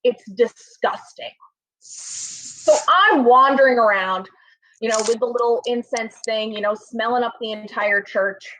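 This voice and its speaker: A woman's voice: fairly high pitch, unhurried, fairly bright tone. A young woman telling a funny personal story in a rambling, self-deprecating way, full of fillers. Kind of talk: comic storytelling. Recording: slightly dull, lo-fi sound.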